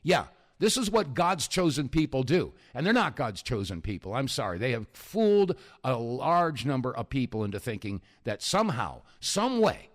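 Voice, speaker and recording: A man's voice: mid-range voice, big pitch swings, normal speed. A man hosting a talk radio show, rambling in a chuckling, filler-heavy monologue.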